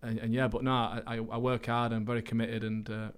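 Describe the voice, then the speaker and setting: A man chatting as a podcast guest, talking at a brisk clip. He is earnest and meanders through his thoughts, stopping and restarting his sentences often. His voice sits at a middling pitch. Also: flat delivery, smooth. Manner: earnest, rambling, with frequent restarts. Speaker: podcast guest, actor and racing driver. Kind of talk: casual interview chat.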